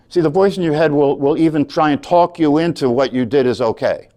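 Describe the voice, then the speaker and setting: A man's voice: a little high, a little fast, hardly any pauses, darkish tone. A man teaching a meditation class, talking earnestly and often checking in with "right?". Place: class room.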